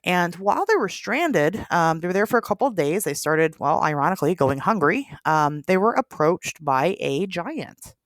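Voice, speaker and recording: A woman with a lowish voice hosting a podcast, telling a folktale in relaxed, chatty storytelling. She laughs easily between lines, and her voice sounds close and dry with no room echo. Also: normal speed, few pauses. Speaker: podcast host. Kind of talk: casual chat and folktale storytelling.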